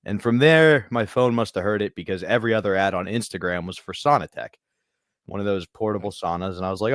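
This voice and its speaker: Male co-host, lowish voice, dry close sound, deadpan delivery. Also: fast, dry recording. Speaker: podcast co-host. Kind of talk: casual podcast chat.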